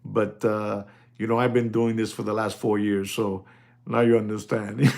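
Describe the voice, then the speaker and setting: A man selling watches in a casual, rambling talk, often calling out to ladies and gentlemen and laughing as he goes. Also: on the low side, little pitch movement, moderate pace, creaky. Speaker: watch dealer. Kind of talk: casual chat.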